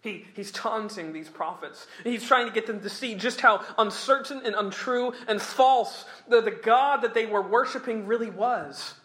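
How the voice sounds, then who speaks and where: A man preaching a sermon and reading scripture aloud, emphatic, slowing down for weight and chuckling between points. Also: high voice, a bit bright.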